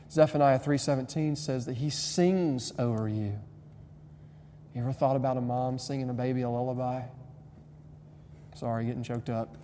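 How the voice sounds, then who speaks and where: Young male pastor, sermon delivery, mellow tone, quiet to fervent, recorded in a reverberant hall. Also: mid-range voice. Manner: swings from quiet tender lines to loud impassioned preaching. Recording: long hall reverb, faint hum.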